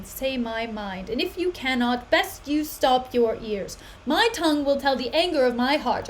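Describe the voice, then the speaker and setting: A woman's voice: sits high, a little hiss or hum, low-quality recording. Katerina, a defiant young woman, read by a woman. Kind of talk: dramatic reading of a play.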